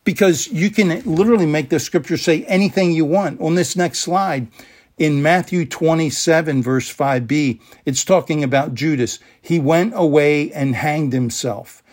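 Male preacher, slightly high voice, emphatic sermon delivery with repeated key words. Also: moderate pace, darkish tone.

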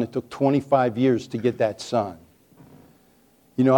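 Folksy preacher man with a mellow voice. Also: on the high side. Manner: folksy, joking storyteller. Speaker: preacher teaching on testimony. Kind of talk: folksy sermon.

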